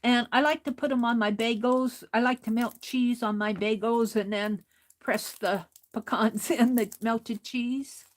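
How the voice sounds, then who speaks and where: Woman host, high voice, slow easygoing delivery, chatty, reads chat aloud between sketches. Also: fairly even intonation. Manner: chatty, reads viewer comments aloud, laughs easily. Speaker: art livestream host. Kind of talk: casual livestream chat while drawing.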